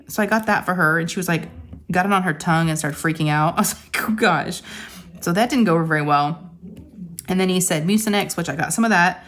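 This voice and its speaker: A woman, chatting casually to viewers and telling stories with lots of fillers. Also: on the low side. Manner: chatty storytelling with many fillers. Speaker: crafting vlogger. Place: home craft table. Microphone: phone camera.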